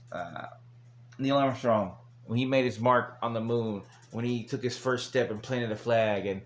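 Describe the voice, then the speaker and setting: A man talks through an old wrestling episode in a loose, rambling recap. His pitch sits mid-range for a man, and he keeps breaking into chuckles and blunt, crude side remarks. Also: slight background noise. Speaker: wrestling show reviewer. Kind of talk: casual recap monologue.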